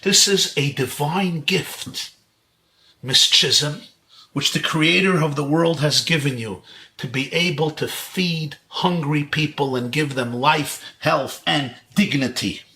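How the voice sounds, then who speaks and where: A man from Brooklyn quoting a wise rabbi in a slow, measured, persuasive way during a lecture. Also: a little high, sharp tone, voice pushed down, exaggerated voice. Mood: counseling. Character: calm, wise elderly male rabbi giving counsel.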